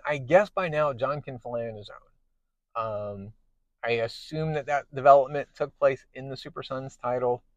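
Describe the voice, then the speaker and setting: A man hosting a podcast, casually recapping a comic book in a chatty way, with many pauses. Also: medium pitch, no echo. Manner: chatty, many fillers and restarts. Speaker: podcast host.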